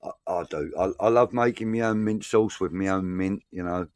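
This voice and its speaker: A man's voice: low voice, moderate pace, a little mellow, dry recording. A man, chatting casually as a football fan show co-host. He reads out viewer comments and jokes around. The sound is dry and close. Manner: banter, swearing, laughing.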